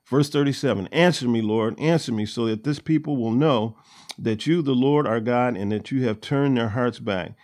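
A man's voice: medium pitch, moderate pace, darkish tone. A man hosting a Bible study, reading verses aloud and explaining them in a loose, everyday way with plenty of ums and uhs. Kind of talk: casual scripture teaching.

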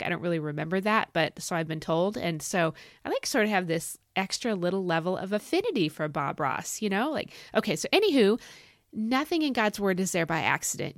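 A middle-aged woman hosts a Bible teaching podcast, animated and excitable, folksy in her talk. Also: lowish voice, no room sound, studio quality. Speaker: podcast host.

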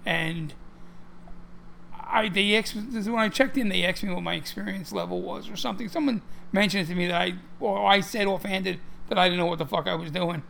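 A man with a high, gravelly voice talks loosely on a podcast, circling back and restarting his sentences. There is faint noise under the recording. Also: expressive, a little fast, a bit bright. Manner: rambling, frequent restarts and fillers. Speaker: podcast co-host. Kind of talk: casual podcast chat.

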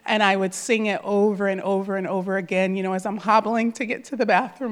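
A woman's voice: medium pitch, fairly even intonation, quick pace, hardly any pauses. Earnest woman sharing an emotional testimony. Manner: earnest, heartfelt, many fillers. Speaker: church member sharing a testimony.

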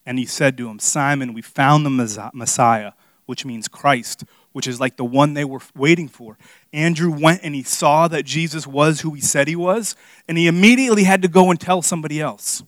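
A young man preaches a sermon as an earnest, casual story, leaning on plenty of fillers. His voice sits a little high for a man. The sound is dry and close, with no room echo. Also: fairly even intonation, a little fast. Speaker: pastor teaching a Bible study.

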